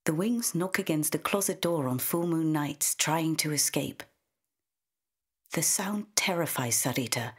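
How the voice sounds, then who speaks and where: Low-voiced, husky woman narrating a story. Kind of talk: scripted narration.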